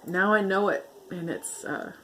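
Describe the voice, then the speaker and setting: A woman talking earnestly to her camera in a personal vlog, halting and soft, getting emotional and laughing gently through it. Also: mid-range voice, slight background noise. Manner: soft, halting delivery with fillers and repeats. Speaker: vlogger sharing her healing story. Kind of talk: heartfelt personal vlog talk.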